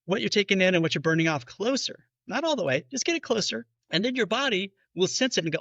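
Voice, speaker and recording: A man's voice: high voice, animated, a little fast, fairly bright tone, dry recording, dull audio. A man who is a bariatric physician, patiently explaining in a podcast interview and acting out his patients' questions.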